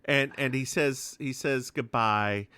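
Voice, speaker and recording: A man's voice: mid-range voice, slow pace, clear, resonant tone, no echo. A man co-hosting a podcast, chatting casually as he recaps a TV episode, slipping into voices for quotes and swearing freely. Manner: animated, acts out quotes in voices. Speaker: podcast co-host.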